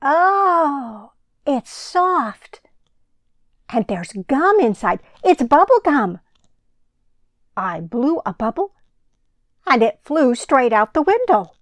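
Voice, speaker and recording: A woman reading a picture book aloud for a children's sermon, in a slow, deliberate and expressive way. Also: high-pitched, no echo.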